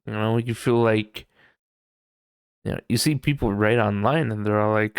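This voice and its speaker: A man's voice: lowish voice, moderate pace, pauses often, smooth, no echo, clean studio sound. A man hosting a casual solo podcast, rambling loosely and laughing often, with lots of "you know". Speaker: podcast host.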